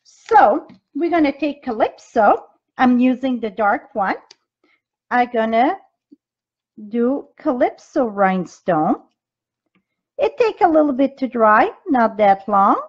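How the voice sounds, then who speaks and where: A woman leads a live-streamed craft demo as a craft demonstrator and team leader, chatting directly to viewers while she works, with loose grammar and frequent ums. Her animated voice is on the high side, she takes it slowly with long pauses, and the stream's device mic sounds muffled.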